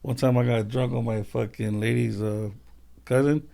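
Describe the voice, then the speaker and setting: A man's voice: medium pitch, steady tone, normal speed, vocal fry, warm tone. A man chatting as a podcast guest, laid-back, rambling and profane. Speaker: guest, host's cousin. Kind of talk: casual chat.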